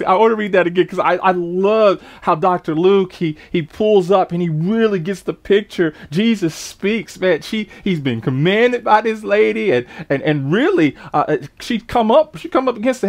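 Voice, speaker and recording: High-voiced preacher calling for amens. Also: male voice, animated. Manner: calls for amens and hallelujahs, repeats phrases for emphasis; halting restarts, dramatizes scripture scenes. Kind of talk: sermon.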